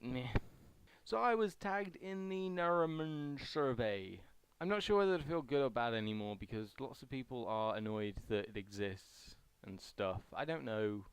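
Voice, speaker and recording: A man's voice: medium pitch, lively intonation, normal speed, clear, resonant tone, no echo. A young man vlogging casually as he answers a survey, chatty and rambling with self-deprecating asides. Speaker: YouTuber.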